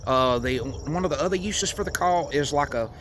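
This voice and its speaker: A man from Tennessee gives a folksy, unhurried demonstration of hunting calls, with frequent fillers. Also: on the high side, fairly bright tone, slight background noise. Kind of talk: outdoor how-to demonstration.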